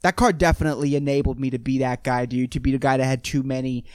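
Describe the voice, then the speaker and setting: A man's voice: medium pitch, steady tone, fast, darkish tone, clean tone, dry recording, studio quality. A young man hosting a solo podcast monologue, rambling and swearing, saying "dude" constantly and laughing at his own jokes. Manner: rambling and profane, peppers every sentence with "dude". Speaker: podcast host.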